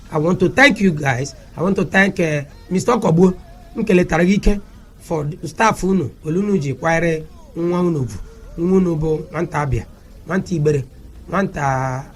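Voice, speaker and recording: A man with a Nigerian Igbo accent, a guest on a radio talk show, speaking passionately and switching languages. He repeats his points and rises to shouts. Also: fairly high pitch. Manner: fiery, repeating lines and rising to shouts. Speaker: media aide to a senator, studio guest. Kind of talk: impassioned radio talk, mixing English, Pidgin and Igbo. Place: radio studio.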